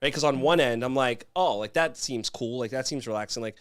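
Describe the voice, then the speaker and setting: A man's voice: medium pitch, brisk, smooth. A man co-hosting a casual podcast, talking in an easygoing way full of fillers. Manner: easygoing, lots of likes and fillers. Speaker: podcast co-host. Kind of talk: casual chat.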